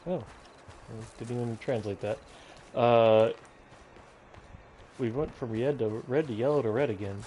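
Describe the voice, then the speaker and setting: A man's voice: medium pitch, unhurried, pauses often, mellow, a little hiss or hum. Rambling male gameplay streamer. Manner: rambling, self-interrupting, goes off on tangents. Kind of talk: casual live gameplay commentary.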